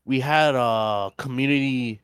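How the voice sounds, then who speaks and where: A young man telling a casual, profanity-filled story on a podcast, quoting people in animated voices. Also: mid-range voice, measured pace, smooth, no room sound. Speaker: podcast co-host. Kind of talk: casual chat.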